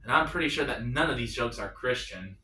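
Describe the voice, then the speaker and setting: A man doing a self-deprecating stand-up set, with a bright tone and a lively, swooping delivery. He drops to quiet punchlines. The set is recorded in an echoey room. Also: medium pitch, a little fast, slight background noise. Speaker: stand-up comedian.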